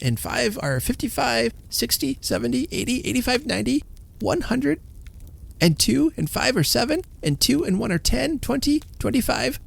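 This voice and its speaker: A man voicing a poor, kind-hearted old washerwoman, speaking high and soft. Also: gravelly, slightly rough, heavily acted. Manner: high, soft, breathless excitement.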